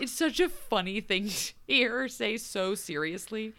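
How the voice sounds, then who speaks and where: A woman's voice: mid-range voice, a little slow, hardly any pauses, slight background noise. A woman co-hosting a podcast, chatting casually about a TV episode, rambling and acting out lines from scenes. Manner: animated, rambling, acts out quoted lines. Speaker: podcast co-host. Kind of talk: casual TV recap chat.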